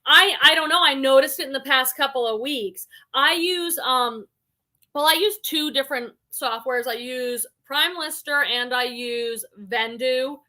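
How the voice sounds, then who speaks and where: Bright high-pitched woman chatting casually. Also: unhurried. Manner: chatty, reads comments aloud then reacts. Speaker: livestream host reading viewer comments. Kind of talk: casual live-stream chat.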